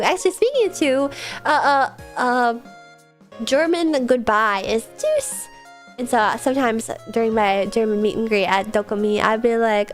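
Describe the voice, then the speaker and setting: Young woman streamer, stuffy cold nose, higher voice, rambling filler-heavy chat, faint music bed. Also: a little slow. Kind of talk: casual late-night stream chat. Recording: soft music behind.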